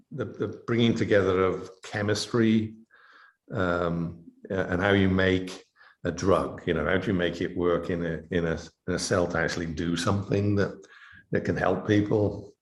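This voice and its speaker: This is a middle-aged man with an English accent and a very low voice. He speaks in a loose, rambling way, full of "you know" and restarts, as a guest in a casual interview. The sound carries noticeable room echo. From England. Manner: rambling, many fillers and restarts. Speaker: interview guest, biochemistry professor. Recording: echoey room.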